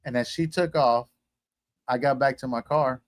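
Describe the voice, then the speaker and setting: A man's voice: mid-range voice, normal speed. A man from Texas, a guest telling a personal story in casual conversation, acting out the voices he quotes.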